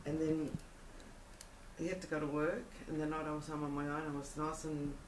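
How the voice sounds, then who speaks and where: A woman's voice: deep voice, flat delivery, fairly quick, noisy background. A woman earnestly recounting a personal experience in a casual group talk, often laughing between words. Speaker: participant sharing experience.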